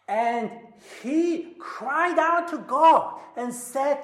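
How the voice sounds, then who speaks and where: A woman preaching a sermon, swinging between loud emphasis and near-whispers. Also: high voice, lively intonation, extremely slow. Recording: roomy echo.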